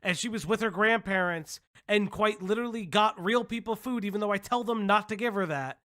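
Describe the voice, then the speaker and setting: A man hosting a commentary stream mocks the clips he plays, joking, laughing and speaking with sarcasm. His voice is high-pitched and a bit bright, fairly quick, captured at studio quality with no room sound.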